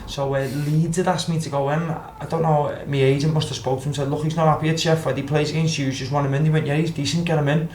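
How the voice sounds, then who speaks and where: A young Liverpool man with a Scouse accent, formerly a footballer, tells stories casually on a podcast. His voice is on the high side and a little mellow, with a level tone and a quick pace with few pauses. He acts out quotes, swears freely, and the roomy recording carries faint ambience and slight background noise.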